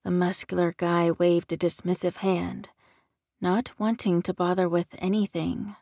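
A woman reading an audiobook in even, unhurried scripted narration. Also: fairly low pitch, no echo, studio quality.

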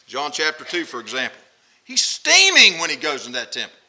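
A man preaching a sermon, animated, acting out angry quotes and repeating his points for emphasis. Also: on the high side, brisk.

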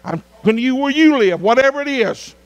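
Middle-aged pastor with a high voice, preaching a revival in drawn-out emphatic phrases. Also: male voice, animated. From Arkansas. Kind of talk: revival sermon.

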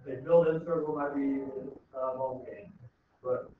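A man's voice: mid-range voice, fairly even intonation, measured pace, a little hiss or hum. Echoey far-off male math teacher. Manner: informal, repeats "okay?" to check understanding. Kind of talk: classroom lecture. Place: school classroom. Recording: echoey room, tinny far-off mic.

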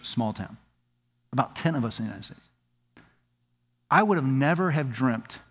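A man from Southern California preaching a sermon as pastor, telling his story with lively acted-out quotes. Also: long reverb tail. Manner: animated storytelling, acts out quoted dialogue with rising pitch. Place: church sanctuary.

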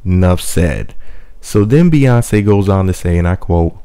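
A man reviewing a song for his channel in a casual, opinionated way, reading lyric quotes slowly and weighing each point. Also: deep voice, expressive, dark tone, clean tone. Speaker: music reviewer, channel host.

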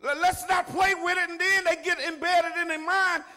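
Older pastor preaching, high bright voice, big echoey church. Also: male voice, steady tone, moderate pace. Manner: preaching, swinging from quiet asides to shouting. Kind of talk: sermon. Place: church sanctuary. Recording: long reverb of a large hall.

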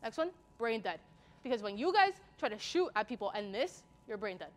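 A woman's voice: fairly high pitch, very animated, brisk. A young woman playing a mock teacher in a comedy skit, talking in a sassy, exasperated, valley-girl way. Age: young adult.

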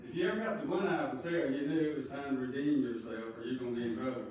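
A man's voice: mid-range voice, rapid-fire, few pauses, darkish tone, dull audio, a little hiss or hum. A man giving a rambling, anecdotal eulogy at a funeral home. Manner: rambling, anecdotal, with frequent fillers. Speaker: funeral speaker. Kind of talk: folksy eulogy storytelling. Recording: very echoey room, distant mic.

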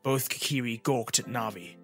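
A man reading an audiobook chapter as narrator, in an even storytelling manner. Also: mid-range voice, normal speed, soft background music. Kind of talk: scripted narration.

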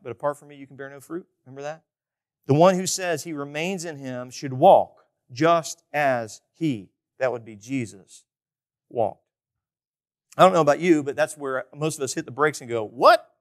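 A male pastor preaching a conversational sermon, often asking the congregation questions and swinging between loud emphasis and quiet asides. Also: fairly high pitch.

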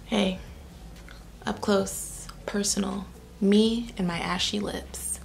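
A woman's voice: medium pitch, fairly even intonation, slow pace, creaky, slight background noise. A young woman doing a casual, chatty makeup try-on review, with sassy asides. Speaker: beauty vlogger.

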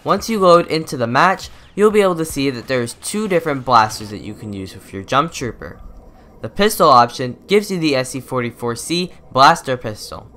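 A man's voice: mid-range voice, animated, moderate pace, bright, forceful tone. A young man reading a methodical, scripted gameplay tutorial voice-over into a close microphone. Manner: methodical, instructive. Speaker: gaming YouTuber.

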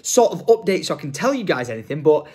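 Man, chatty vlogger, lively high voice, slightly husky. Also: fast talker. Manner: chatty, playful, jokey. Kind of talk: casual vlog chat.

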